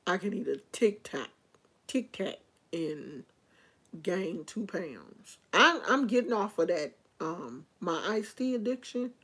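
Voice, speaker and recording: A woman's voice: medium pitch, animated, takes it slowly, a bit bright, breathy edge. A woman vlogger in casual chat, rambling and opinionated as she talks to her viewers.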